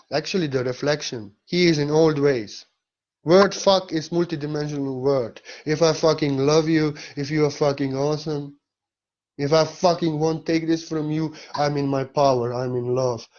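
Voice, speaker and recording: A man with a somewhat high voice delivers a spiritual monologue in a blunt, emphatic way. He swears often and uses non-native phrasing. The recording sounds dull and lo-fi. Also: fairly even intonation, normal speed, darkish tone. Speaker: spiritual teacher.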